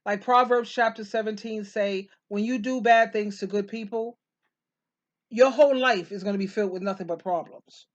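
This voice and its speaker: A woman's voice: mid-range voice, normal speed. Woman, co-host, casual chat, cheers the host on, quotes scripture, slightly muffled audio. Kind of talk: casual chat with faith talk.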